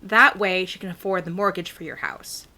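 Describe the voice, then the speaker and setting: A woman hosting and running a tabletop game as dungeon master, with a quick, playful, animated way of talking. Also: on the low side.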